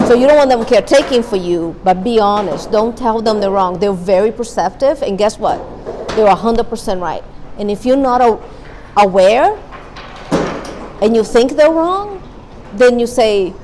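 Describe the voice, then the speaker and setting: A woman's voice: medium pitch, normal speed, a little mellow, a little hiss or hum, rough recording. A woman therapist giving an earnest, candid talk to a parent support group, repeating her key points. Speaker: guest speaker, therapist. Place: meeting room.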